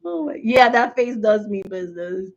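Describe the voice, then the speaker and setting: A woman in her forties chatting casually with viewers, telling animated stories and laughing often. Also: mid-range voice, normal speed. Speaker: spiritual reader and channel host. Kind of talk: casual live chat with viewers. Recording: dull lo-fi livestream audio.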